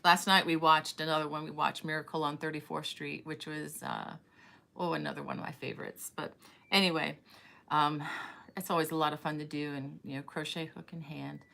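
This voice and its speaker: A woman's voice: sits low, little pitch movement, fairly quick, gravelly, sharp tone. A middle-aged woman hosting a casual live stream, chatting in a rambling way and greeting viewers by name. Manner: chatty and rambling, reading viewer comments aloud; many fillers and restarts. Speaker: crochet channel host.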